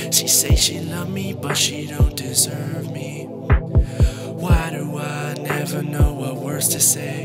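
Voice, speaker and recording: A man performing a parody rap song as a moody young rapper, half singing softly about heartbreak. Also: fairly high pitch. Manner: half-sung, sulky, soft delivery. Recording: loud beat underneath.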